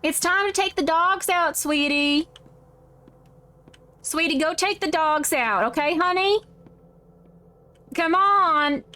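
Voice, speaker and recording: A woman voicing a gentle mother who softly reassures her frightened child. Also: high voice, animated, moderate pace. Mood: motherly. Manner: soft, reassuring, coddling.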